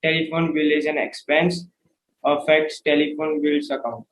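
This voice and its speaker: A man's voice: on the high side, flat delivery, moderate pace, reverberant, low-quality recording. A male student reciting accounting answers hesitantly, with fillers.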